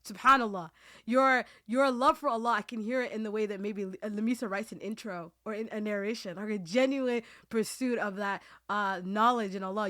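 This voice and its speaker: A woman's voice: medium pitch, a bit bright. Woman host, earnest and rambling, team-chat podcast. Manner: heartfelt, rambling, many restarts; Muslim phrases woven into speech.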